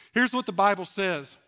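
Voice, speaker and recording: Candid pastor preaching, slightly high voice. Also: male voice, bright, forceful tone. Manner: candid, conversational, laughs at himself. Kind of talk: sermon. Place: church sanctuary.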